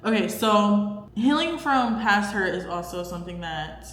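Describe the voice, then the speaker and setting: A woman's voice: mid-range voice, lively intonation, unhurried, a bit bright. A young woman hosting a casual faith talk to camera, chatty and emphatic, with lots of fillers. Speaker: podcast host. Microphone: camera microphone. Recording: echoey room, faint background hum.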